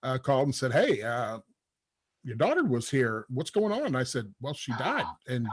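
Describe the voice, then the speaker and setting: A man's voice: medium pitch, sing-song, normal speed, slightly rough. A man hosting a podcast, telling rambling stories full of fillers in a casual chat. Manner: rambling storyteller, many fillers. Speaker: podcast host.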